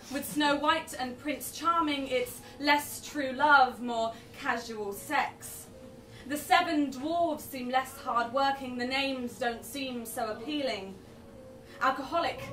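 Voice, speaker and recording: A young woman performs spoken word poetry live at an event venue, her voice sitting high, pushed and bright. Between poems she offers wry, self-deprecating chatter. The room is echoey, with a distant mic and venue noise.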